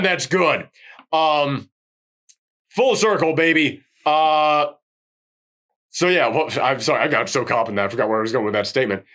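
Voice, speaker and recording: Co-hosting a film review podcast, a man chats casually and excitedly. He swings between loud outbursts and a lowered voice whenever he quotes characters.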